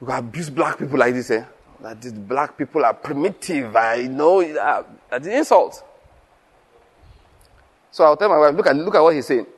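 A man preaching to other pastors. His voice sits a little high and swings widely as he acts out dialogue, laughs and drives home his points. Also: moderate pace, husky. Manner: lively storytelling, acts out dialogue, laughs often. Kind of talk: sermon to fellow preachers.

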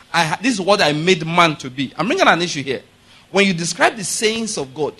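Forceful high-voiced male preacher. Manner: emphatic, repeats rhetorical questions to the congregation; rises to loud forceful preaching. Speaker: pastor. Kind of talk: sermon.

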